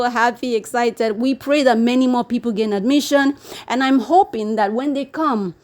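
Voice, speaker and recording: A woman vlogger chatting casually to camera, animated and repetitive, acting out the people she quotes. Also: on the high side. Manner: animated, repeats words, mimics quoted people. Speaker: YouTube vlogger. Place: living in Brazil.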